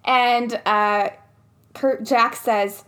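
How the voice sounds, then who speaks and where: A woman's voice: on the high side, fairly even intonation, very slow, fairly bright tone. Giggly young woman recapping a movie. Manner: laughs often, acts out quoted lines in funny voices. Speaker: podcast co-host. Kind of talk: casual movie recap chat.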